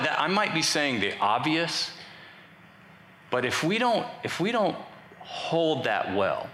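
A man's voice: mid-range voice, pushed and bright, a little hiss or hum. A man preaching a sermon to a congregation, conversational and joking with the crowd. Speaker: pastor. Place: church sanctuary. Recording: echoey hall, faint ambience.

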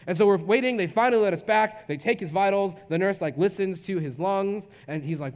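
Chatty young pastor in a reverberant hall. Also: male voice, high voice, fast talker, hardly any pauses, darkish tone. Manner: casual, chatty, lots of "like". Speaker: youth pastor. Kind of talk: storytelling sermon.

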